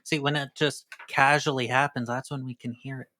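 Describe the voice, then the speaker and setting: Relaxed man running a tabletop game. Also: mid-range voice, a little fast, no echo, clean studio sound. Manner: relaxed, listing items plainly. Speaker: game master.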